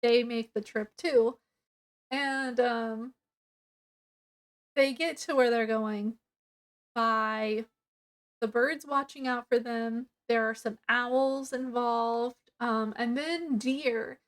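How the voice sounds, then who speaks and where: A woman's voice: fairly high pitch, fairly even intonation, takes it slowly, long pauses. A woman casually reviewing a book, retelling the plot in a rambling way with lots of fillers.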